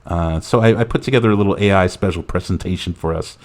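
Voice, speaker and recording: Relaxed low-voiced podcast host. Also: male voice, quick pace. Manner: relaxed, frequent uh fillers. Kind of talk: casual movie podcast talk.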